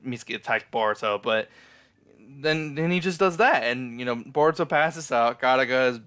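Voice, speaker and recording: A man's voice: mid-range voice, normal speed, fairly bright tone, clean tone. A young man in a casual, rambling anime episode recap, full of fillers and swearing. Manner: rambling, frequent fillers and profanity. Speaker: anime reviewer.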